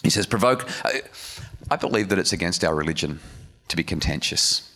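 A man with a very low voice preaches in a church hall, earnest and chatty, stopping to restart and speak to his listeners. His words ring out with the long echo of a large room. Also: fairly quick, gravelly, sharp tone. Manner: earnest, conversational, with restarts and audience asides. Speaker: speaker giving a church message. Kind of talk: sermon.

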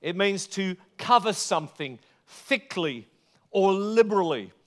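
A man's voice: high-pitched, expressive, unhurried. A man preaching a sermon to a church gathering, earnest and emphatic, stretching out the words he stresses. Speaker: pastor.

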